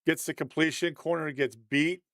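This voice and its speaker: A man's voice: a little high, fairly even intonation, normal speed, a bit bright, no room sound. Chatty man breaking down game film. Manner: conversational, thinks aloud, chuckles at mistakes. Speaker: football film analyst.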